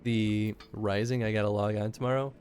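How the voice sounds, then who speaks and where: A man's voice: fairly low pitch, steady tone, moderate pace, darkish tone, faint music behind. A tired, easygoing man streaming a game and chatting casually with viewers, a little self-deprecating after little sleep.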